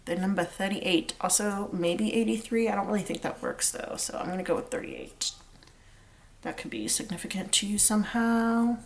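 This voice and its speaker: A woman's voice: medium pitch, lively intonation, moderate pace. A woman giving a casual pick-a-card tarot reading, chatty and rambling with lots of fillers. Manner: chatty and rambling, many fillers, sings snatches of lyrics. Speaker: tarot reader.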